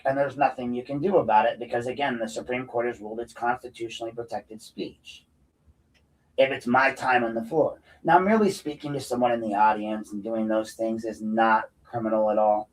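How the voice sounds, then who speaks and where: A man's voice: mid-range voice, steady tone, brisk, distant mic, low-quality recording. Profane, combative man ranting off-mic. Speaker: podcast host. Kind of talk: unscripted solo rant.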